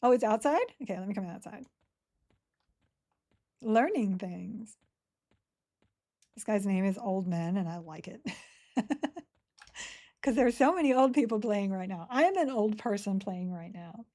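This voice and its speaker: A woman in her forties from Sydney with an Australian accent softened by years in America, chatting casually with her audience while she plays a game and answering chat between moves, her throat a bit dry. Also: medium pitch, lively intonation, measured pace, pauses often. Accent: Australian, partly Americanized. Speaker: game streamer. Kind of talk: casual live-stream commentary while playing.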